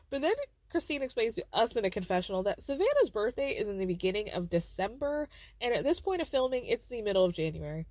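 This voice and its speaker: A woman's voice: fairly high pitch, brisk, dry recording. Blunt, profane woman recapping a show. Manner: blunt, profane, animated storytelling with quoted voices. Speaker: podcast host. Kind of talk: casual recap chat.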